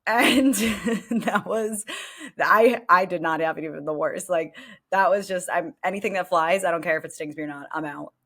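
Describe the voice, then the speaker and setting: A woman co-hosting a podcast, telling a story in a casual, animated way, full of fillers and swearing. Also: fairly low pitch, moderate pace. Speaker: podcast co-host.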